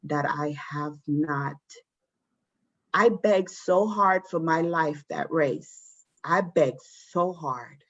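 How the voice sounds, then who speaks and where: A woman's voice: low voice, extremely slow, fairly bright tone. A woman guest speaking candidly and emotionally about her own experiences. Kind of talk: personal storytelling. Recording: muffled lo-fi audio.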